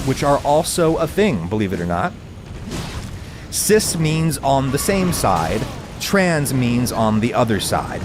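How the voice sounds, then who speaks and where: A middle-aged man delivers scripted commentary straight to camera, wry and opinionated, wandering happily into side notes. His voice sits at an ordinary pitch, and music plays clearly underneath him. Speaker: online video presenter. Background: background music.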